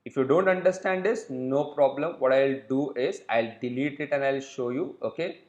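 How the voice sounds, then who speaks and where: A man's voice: medium pitch, a little mellow, echoey room, muffled recording. A man teaching a recorded web development lesson, explaining step by step and often checking in with "okay?". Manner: explains slowly, repeats points and checks in with "okay?". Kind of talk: recorded coding lecture.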